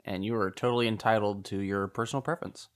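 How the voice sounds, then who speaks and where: A man's voice: lowish voice, steady tone, fast talker. A man hosting a podcast discussion, agreeing with the others and calling on the next speaker. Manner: affirming, moves the talk along. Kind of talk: casual podcast moderation.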